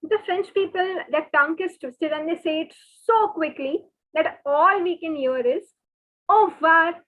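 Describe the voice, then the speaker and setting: High-voiced woman teaching patiently. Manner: patient, repeats each word slowly and often. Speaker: French teacher. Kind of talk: online language lesson. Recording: thin phone-like webinar audio.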